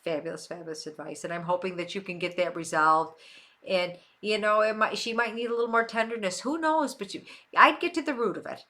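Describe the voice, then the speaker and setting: This livestream host, an older woman from Western New York, talks fairly quickly in a medium-pitched voice that sounds pushed and bright. She answers viewers in casual chat and repeats phrases for emphasis.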